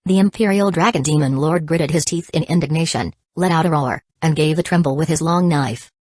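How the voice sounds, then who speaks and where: A woman narrating a fantasy novel audiobook in an even, unhurried reading. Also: deep voice, dry recording. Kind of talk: scripted narration.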